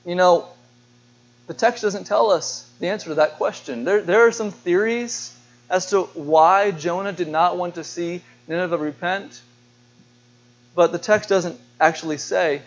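A man's voice: high-pitched, unhurried. A man preaching a sermon to his church. He speaks earnestly, poses questions to the congregation and often repeats words. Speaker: pastor. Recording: dull lo-fi sermon recording.

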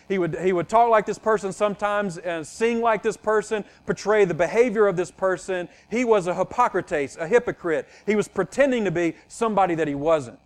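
A middle-aged male pastor preaching a sermon, teaching earnestly and repeating key phrases for emphasis. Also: high-pitched.

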